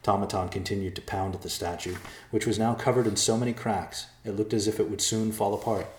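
A man narrating a storybook in a measured, dramatic way. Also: lowish voice, fairly even intonation, echoey room, slight background noise.

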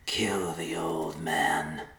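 A man voicing a disembodied inner voice that gives orders in a slow whisper. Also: very deep voice, steady tone, fairly bright tone, echoey room, heavily acted. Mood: cold. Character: disembodied voice in the mind, cold.

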